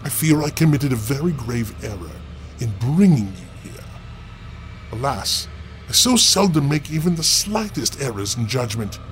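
An actor playing a mysterious, self-assured male librarian in an audio drama, speaking in a grave, measured and theatrical way. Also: medium pitch, sing-song, a bit bright, a little hiss or hum. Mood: urgent, stern.

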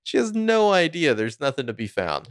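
A man's voice: on the high side, wildly swooping pitch, moderate pace, smooth, no echo, studio quality. A man co-hosting a podcast, rambling through a TV recap in a laid-back, wry way. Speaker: podcast co-host. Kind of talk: casual TV recap chat.

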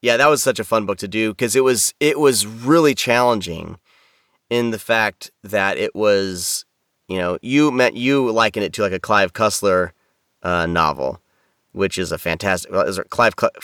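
Over a video call, a man who narrates audiobooks chats as a podcast guest, rambling and full of fillers and restarts. He speaks at normal speed in a lowish, slightly bright voice, and the recording is dry with clean studio sound.

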